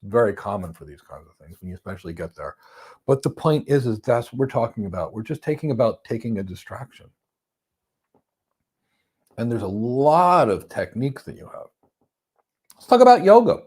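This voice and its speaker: A man talks about handling stress in an animated, storytelling way. His pitch rises and falls a lot, punching some lines loudly and easing others down to a hush. His voice sits in an everyday middle register. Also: normal speed, long pauses, breathy edge. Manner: animated storyteller, swings from loud emphasis to soft calm. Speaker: host. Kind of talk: motivational talk on stress. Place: lives in Florida.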